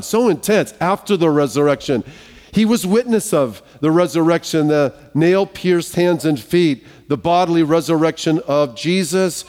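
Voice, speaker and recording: A male pastor with a fairly high voice, preaching in a loose, chatty way, joking and restarting his sentences. His voice carries a long reverb, as if spoken from the stage of a big church hall. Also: normal speed, darkish tone. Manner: conversational, joking asides, frequent restarts. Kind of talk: sermon.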